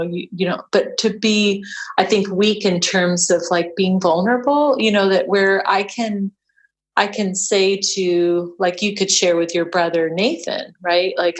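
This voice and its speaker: A middle-aged woman talking casually as a podcast guest, chatty with frequent restarts and laughter. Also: fairly low pitch. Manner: chatty, many restarts and fillers, laughs often. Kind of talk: casual chat.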